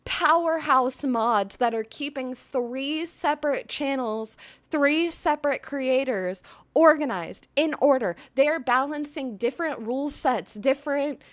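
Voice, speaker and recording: A young woman hosting a live stream, chatting casually and gushing effusively, swinging between loud excitement and soft earnest talk. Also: high-pitched, measured pace. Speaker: livestream host.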